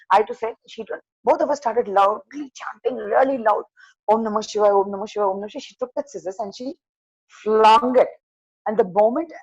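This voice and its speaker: Older woman telling a hushed ghost story. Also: a little high, breathy edge, no echo, lo-fi sound. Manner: animated, acts out dialogue in a hushed voice. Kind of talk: first-person horror story at an open mic. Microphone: video call.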